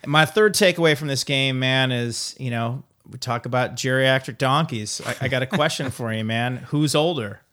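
A man's voice: medium pitch, moderate pace, sharp tone. A man co-hosting a casual sports podcast, joking and rambling with lots of fillers. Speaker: podcast co-host.

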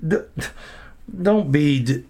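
A man's voice: a little high, expressive, takes it slowly, dark tone. A man who is a pastor, talking in a podcast conversation and preaching earnestly, often repeating phrases for emphasis.

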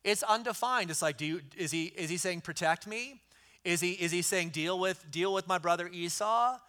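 A man's voice: high-pitched, normal speed, pushed and bright, smooth. A middle-aged man preaching a sermon in an earnest way, repeating key lines for emphasis. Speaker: pastor.

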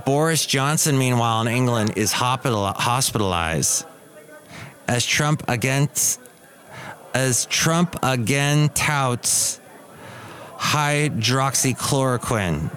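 A man hosting a casual solo podcast, talking in a chatty way with sarcastic asides and often mimicking other people in a high voice. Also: expressive, slow pace, fairly bright tone. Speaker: podcast host.

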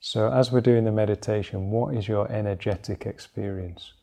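A man teaching a meditation class, explaining the practice in a relaxed way that sounds like he is thinking aloud. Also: on the low side, moderate pace, gravelly.

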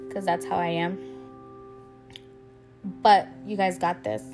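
A young woman speaks in a casual, heartfelt monologue as a podcast host. She talks frankly, often laughing and swearing. Faint music plays quietly behind her voice. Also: medium pitch. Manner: candid and emotional, swears freely, laughs often.

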